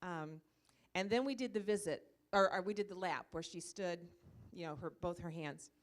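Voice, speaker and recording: In a church meeting room before a live audience, a female ministry leader introduces a comfort dog in an informal presentation. Her voice sits on the low side and moves at normal speed. She tells her story casually, chatting along with plenty of fillers.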